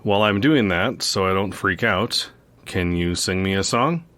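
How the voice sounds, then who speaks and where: A man playing a stranded astronaut who stays calm and deadpan, making requests in an understated way. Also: sits low, normal speed. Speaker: podcast host.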